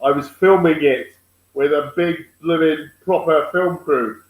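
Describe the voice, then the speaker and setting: A man's voice: on the high side, measured pace, roomy sound, low-quality recording. A man co-hosting a comedy video chat, joking and rambling in a casual way. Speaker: comedian co-host. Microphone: video call.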